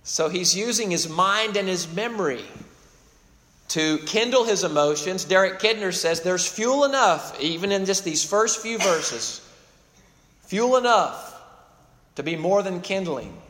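A man with a notably high voice preaches an expository sermon, swelling on emphatic phrases and then dropping low. His words ring out with a long reverb, as in a large church hall. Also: animated, a little slow, fairly bright tone. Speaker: pastor.

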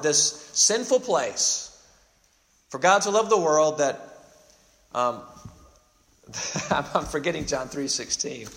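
A man's voice: fairly high pitch, animated, measured pace, sharp tone. Earnest male pastor preaching in a reverberant hall. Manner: earnest, emphatic preaching with frequent restarts and repeated words. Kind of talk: sermon.

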